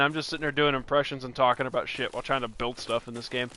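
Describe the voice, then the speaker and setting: A man's voice: mid-range voice, fairly even intonation, fast, sharp tone, a little hiss or hum. A young man hosting a gaming channel, chatting casually while he plays, rambling and laughing often as he restarts his sentences. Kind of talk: casual let's-play chat.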